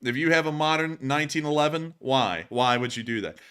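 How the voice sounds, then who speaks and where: Joking male live-stream host, bright voice. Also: on the high side, fairly quick, clean tone. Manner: jokey, loud bursts of shouting and laughter. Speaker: show host. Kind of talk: casual live-stream chat.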